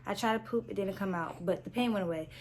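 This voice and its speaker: A woman's voice: medium pitch, quick pace, a little hiss or hum. Chatty young woman telling a story. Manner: chatty, candid, lots of "like" and "so I'm like". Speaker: vlogger. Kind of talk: casual storytelling to camera.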